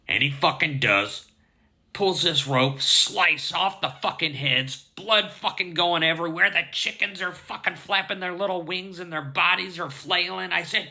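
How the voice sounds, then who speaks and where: A man with a very bright, fairly high voice tells a dream story in a casual way. His pitch swings widely as he gets worked up, and he swears constantly. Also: moderate pace. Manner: heavy swearing, animated and indignant.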